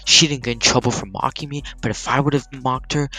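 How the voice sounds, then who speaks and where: A teenage guy telling a story in a casual vlog, animated and heated, swearing freely and filling with "like". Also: medium pitch, fairly quick, slightly rough. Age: teens. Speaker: gaming channel storyteller.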